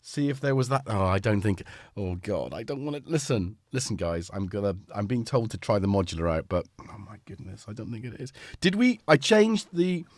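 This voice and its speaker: A self-mocking man with a Liverpool-tinged British accent chats on a live stream from his home studio. He sounds full of cold, and his lively voice rises and falls a lot. The sound is dry, with no room echo. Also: lowish voice, brisk. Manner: chatty, rambling, self-mocking. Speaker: livestream host. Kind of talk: casual live-stream chat.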